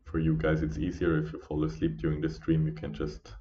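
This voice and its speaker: A tired man talking casually through a live trading stream as its host, halting with many fillers and restarts. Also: rumbling low, monotone, dark tone. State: sleepy, yawning. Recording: dull lo-fi stream audio.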